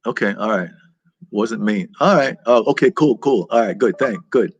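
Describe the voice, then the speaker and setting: Husky low-voiced man chatting casually. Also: lively intonation, normal speed, dry recording, highs cut off. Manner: rambling, reacting aloud to viewer comments. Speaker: vlog host reading live chat. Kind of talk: casual live-stream chat.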